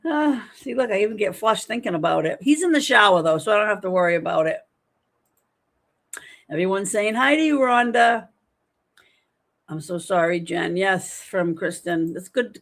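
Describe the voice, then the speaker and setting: A chatty woman in her fifties hosts a livestream from home. She talks in a casual, lively way, reading viewer comments aloud and answering them. Her voice sits at a middle pitch for a woman. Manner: chatty, animated, reads chat aloud. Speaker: livestream host.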